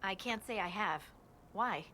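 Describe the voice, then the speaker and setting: Cheerful dwarf scout. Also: female voice, medium pitch, a little slow, sharp tone, a little hiss or hum. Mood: earnest. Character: friendly young woman dwarf scout. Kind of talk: video game voice acting.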